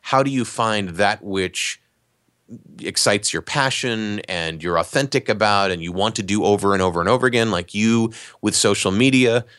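A man, an actor and voice talent, explaining in a relaxed, conversational way during a podcast interview. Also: on the low side, normal speed, clear, resonant tone, no echo, clean studio sound. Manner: relaxed, explanatory, animated asides.

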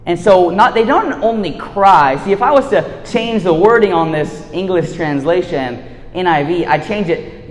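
A man giving a casual sermon, laid-back and slangy, swinging between hushed and loud. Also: fairly high pitch, expressive, moderate pace. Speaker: preacher. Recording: echoey hall reverb.

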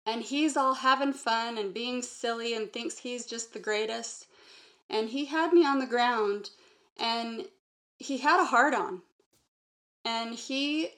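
A woman guest recounting a personal memory in an earnest, halting way, linking thoughts with repeated "and". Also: on the high side. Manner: earnest, halting, strings sentences with "and". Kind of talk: personal testimony in conversation.

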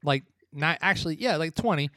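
A man's voice: a little high, expressive, a little fast, bright, forceful tone, no room sound, studio quality. A man co-hosting a casual wrestling chat, rambling and blunt, often laughing at his own remarks. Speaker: podcast co-host.

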